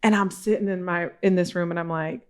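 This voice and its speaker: A woman's voice: fairly low pitch, brisk. A woman guest on a podcast, telling a story in casual chat, acting out what other people said and swearing freely. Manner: animated, acts out quoted dialogue, swears casually.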